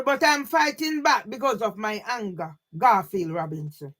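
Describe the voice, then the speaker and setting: A woman's voice: medium pitch, moderate pace, few pauses, a bit bright. A woman with a Jamaican accent delivering an angry direct-address rant on her vlog, confrontationally calling out one man by name again and again. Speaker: vlogger.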